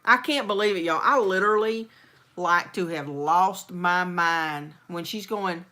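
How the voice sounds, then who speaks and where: A woman from Texas, chatting as a host. Her voice is bright and lively, and she acts out other people's lines as she tells stories. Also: lowish voice, unhurried. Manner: animated storyteller, acts out quotes. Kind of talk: casual chat.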